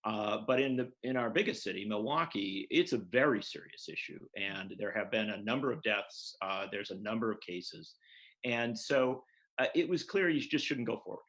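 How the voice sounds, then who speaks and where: A man's voice: lowish voice, expressive, moderate pace, fairly bright tone, low-quality recording. A man, a political journalist, explaining at length and earnestly as a guest in an interview over a video call.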